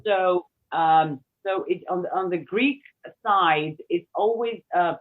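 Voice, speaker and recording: A woman's voice: fairly low pitch, slow. A woman who is a guest in a casual chat, speaking hesitantly with many fillers. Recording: tinny phone-like line.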